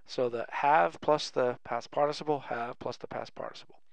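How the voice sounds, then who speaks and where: A man teaching an English grammar lesson, slowly dictating example sentences word by word, with light self-mocking humor. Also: medium pitch, steady tone, creaky, no room sound. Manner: slow, deliberate word-by-word dictation.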